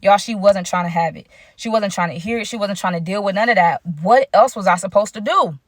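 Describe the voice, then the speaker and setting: A woman's voice: mid-range voice, fairly quick, no echo, clean studio sound. A young woman telling a personal story in a casual, chatty way, talking straight to her viewers. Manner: chatty, addresses viewers directly.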